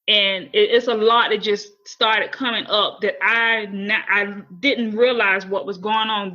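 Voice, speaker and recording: Bright-voiced woman telling an emotional story. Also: fairly high pitch, muffled recording. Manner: earnest, emotional, repeats and restarts phrases. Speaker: podcast guest. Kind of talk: candid personal storytelling.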